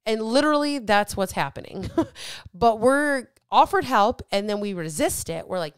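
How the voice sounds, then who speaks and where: A woman's voice: mid-range voice, expressive, moderate pace, clear, resonant tone, no echo, clean studio sound. A woman coach hosting her podcast, talking bluntly and emphatically to her listeners and swearing freely as she motivates them. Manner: motivational, addresses listeners directly. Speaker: weight loss coach and podcast host. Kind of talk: casual podcast monologue.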